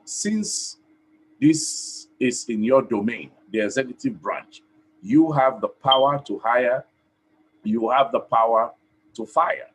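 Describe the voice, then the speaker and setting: A man from Sierra Leone with a Sierra Leonean accent, giving earnest, emphatic commentary on a live stream in short, paused phrases. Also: mid-range voice, a bit bright, a little hiss or hum, poor audio. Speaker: online TV host and activist. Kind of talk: direct-address commentary.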